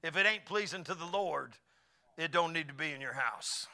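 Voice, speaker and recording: A middle-aged man preaching a folksy sermon, swinging from quiet asides to loud exclamations. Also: on the high side, moderate pace, creaky. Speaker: pastor.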